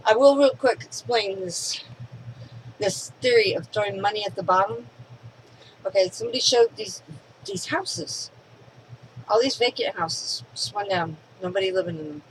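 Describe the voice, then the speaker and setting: A woman's voice: medium pitch, moderate pace, pauses often, slight background noise, poor audio. A woman, talking casually and opinionatedly to camera at home. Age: 50s. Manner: chatty, rambling, opinionated. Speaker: vlogger.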